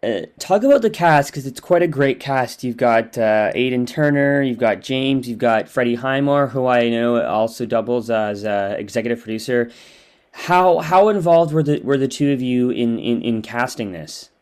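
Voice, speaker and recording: A male interviewer puts long questions to two guests. He hesitates as he asks and often repeats words before he finds the phrase. His pitch sits in the middle range. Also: expressive, normal speed, darkish tone, clean tone.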